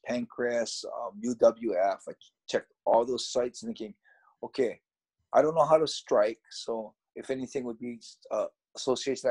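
A middle-aged man from the United States recounts his past in a relaxed, chatty way. His voice is husky and sits at an ordinary pitch. He slips into quoted dialogue, jumping higher as he acts it out. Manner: lively storyteller who acts out quoted dialogue; loose and conversational with fillers. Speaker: podcast guest. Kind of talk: personal storytelling.

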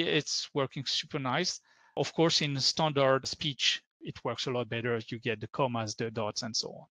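A man's voice: fairly high pitch, bright, forceful tone, no echo. A man with a French accent giving an upbeat conference tech talk as a workshop presenter, often saying "super" and "so".

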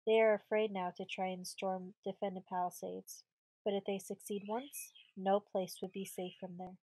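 A woman's voice: mid-range voice, little pitch movement, moderate pace, mellow, dry recording, natural voice, poor audio. A woman voicing a brave teenage girl in command of a fort, speaking firmly and earnestly. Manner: firm, earnest.

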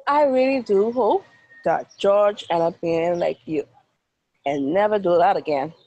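A woman's voice: lowish voice, lively intonation, unhurried, warm tone, dull audio. A Bahamian woman, a teacher, telling a dramatic story to children with sound effects and then asking questions.

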